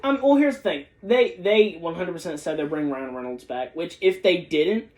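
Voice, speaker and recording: Excitable, swearing podcast co-host man. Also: fairly high pitch, moderate pace. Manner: excitable, swears freely, stumbles over restarts. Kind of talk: casual chat.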